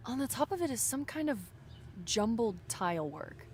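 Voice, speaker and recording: Sarcastic young woman, game character, teasing, animated pitch, faint hiss. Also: moderate pace. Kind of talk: game voice acting.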